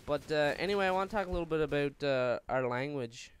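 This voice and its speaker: Here the Newfoundland gaming host has a fairly high, smooth voice. His casual rant over gameplay comes out fast, rambling and stumbling, packed with filler words.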